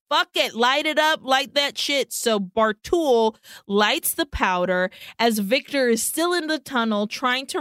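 Smooth-voiced woman podcast co-host. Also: on the high side, no echo, studio quality. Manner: animated, swearing, acts out lines. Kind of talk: casual chat recapping a film.

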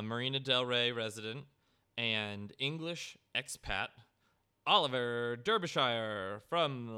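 A man hosting a comedy podcast, talking in a hesitant, deadpan way with many fillers. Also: medium pitch, smooth, no echo, studio quality. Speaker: podcast host.

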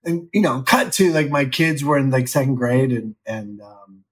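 A man's voice: mid-range voice, lively intonation, normal speed. Male, 50s, guest actor; loose, rambling, self-mocking podcast chat. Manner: candid, rambling, self-deprecating. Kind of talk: casual interview chat.

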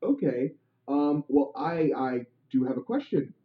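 A man's voice: a little high, lively intonation, unhurried. A man in casual chat, reacting to a friend's story with wry quips. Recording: echoey, phone-like sound.

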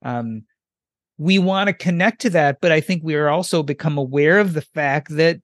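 A man's voice: fairly high pitch, normal speed, no echo, studio quality. A man hosting an interview, asking conversational questions and adding his own thoughts. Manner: conversational, drawing out the guest. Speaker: podcast host.

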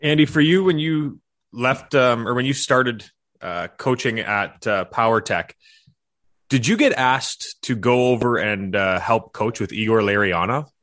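A man hosting a podcast puts a question to his guest, pausing and hesitating between phrases. His voice is mid-pitched and sounds dry and close, with no room echo. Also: fairly bright tone. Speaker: podcast host. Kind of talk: interview question.

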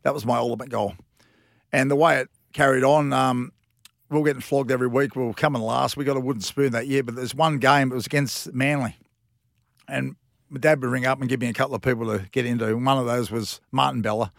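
A man's voice: medium pitch, steady tone, quick pace, vocal fry, no echo, studio quality. A former rugby league player in his fifties with an Australian accent, telling rambling, slangy anecdotes in a casual interview.

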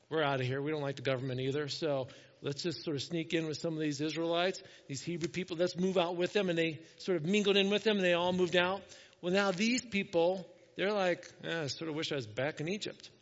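A man's voice: sits high, in a large hall, lo-fi sound. A male pastor preaching a conversational sermon, acting out the voices of the people he quotes.

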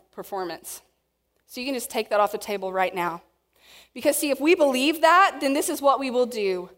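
A woman preaching a sermon to a congregation, animated and acting out quotes in different voices. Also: fairly high pitch. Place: church hall with audience. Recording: long reverb of a hall.

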